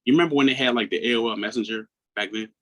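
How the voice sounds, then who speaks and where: A man in his thirties from Maryland, a guest on an interview who speaks earnestly and reflectively, often dropping into a hushed tone. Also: medium pitch, rapid-fire, a little hiss or hum, rough recording. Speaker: guest, mental health coach. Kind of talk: personal storytelling in an interview.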